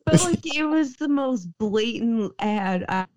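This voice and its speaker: A woman's voice: on the high side, animated, takes it slowly, a little mellow. A woman co-hosting a casual podcast, telling stories in a chatty way and swearing casually. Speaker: podcast co-host. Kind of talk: casual chat.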